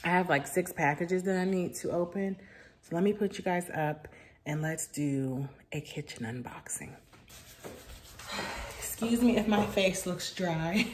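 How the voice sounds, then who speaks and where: A woman beauty vlogger chatting casually while unboxing, gushing and excitable. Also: lowish voice, measured pace. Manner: gushing and excitable, many "oh my gosh"s. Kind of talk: casual vlog chat. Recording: echoey room with faint noise.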